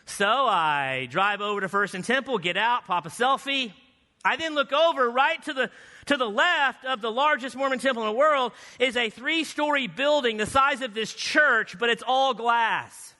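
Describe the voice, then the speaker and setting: A man giving a guest sermon in a church, telling a lively story with playful asides. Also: very high-pitched, moderate pace. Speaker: guest speaker. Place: church sanctuary. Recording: reverberant church hall.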